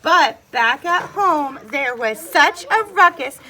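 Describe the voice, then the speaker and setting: High, animated woman reading a storybook aloud. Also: slow. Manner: animated and expressive, asks the child questions. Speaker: preschool teacher. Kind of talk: children's read-aloud.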